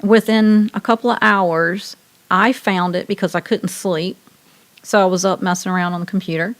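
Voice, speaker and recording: A woman with a Southern US accent, co-hosting a radio show in casual chat, talkative and quick to laugh as she tells long stories. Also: medium pitch, steady tone. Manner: chatty, laughs often, tells stories at length.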